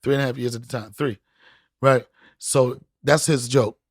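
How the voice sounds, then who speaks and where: A middle-aged man, a guest comedian, telling stories in podcast chat, animated and acting out voices with frequent laughter. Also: mid-range voice, moderate pace, dry recording, studio quality. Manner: animated storyteller, acts out voices, laughs often.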